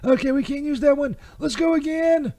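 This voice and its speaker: A man's voice: very high voice, normal speed, mellow, a little hiss or hum. A man voicing a bumbling, crude Saint Peter who keeps restarting a comedy ad read. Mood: fumbling. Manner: stumbling, restarting, crude and sarcastic.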